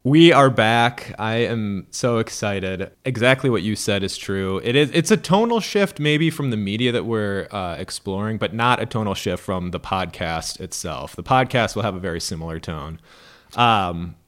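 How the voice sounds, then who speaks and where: A man's voice: lowish voice, expressive, normal speed, fairly bright tone. A man with an American Midwestern accent co-hosting a podcast, chatting casually and rambling with plenty of hedges and fillers. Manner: rambling, hedging, with many fillers. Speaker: podcast co-host.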